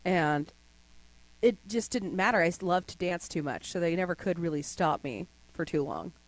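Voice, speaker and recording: A woman's voice: fairly low pitch, moderate pace. A young adult woman as a podcast guest, telling stories in casual chat and slipping into voices now and then. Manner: animated storyteller, slips into voices.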